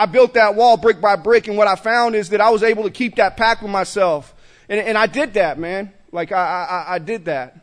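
High-voiced man sharing at a meeting. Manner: loose and conversational, peppered with "man" and "right?"; frequent restarts and stammered repeats. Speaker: speaker at a recovery meeting. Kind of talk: casual recovery meeting share to a group. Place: meeting room with a group.

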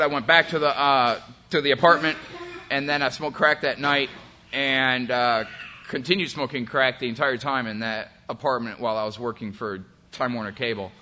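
A man's voice: medium pitch, bright, forceful tone, a little hiss or hum. A man in his forties giving a candid, rambling personal testimony about recovery, profane and full of fillers. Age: 40s. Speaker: recovery speaker.

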